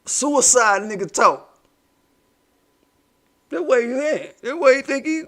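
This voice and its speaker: A man with a fairly high voice and delivers a heated commentary monologue. He leans on street slang and profanity, repeating himself for emphasis as he rants to his audience. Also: expressive, slow pace, bright, forceful tone. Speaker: commentary channel host.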